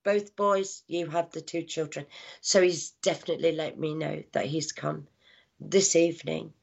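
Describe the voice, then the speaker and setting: A woman working as a psychic medium, giving a live reading with halting speech, lots of fillers, hushed asides and affectionate words like darling. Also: low-pitched, fairly even intonation, creaky. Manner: affectionate, calls people darling and my lovely. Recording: dull lo-fi sound.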